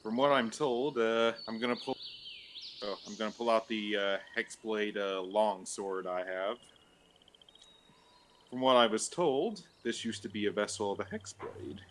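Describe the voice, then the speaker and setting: Male tabletop player, lowish pitch, polite and courteous in character. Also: a little slow, fairly bright tone, a little hiss or hum. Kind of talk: in-character tabletop role-play.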